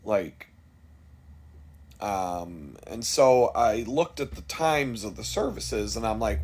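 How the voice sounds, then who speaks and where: A middle-aged man with a fairly low voice tells a long personal story off the cuff. He rambles, restarts and swears casually, in a candid vlog style. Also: very animated, slow pace, breathy edge. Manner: rambling, candid, swears freely, mimics people he quotes. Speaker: vlogger.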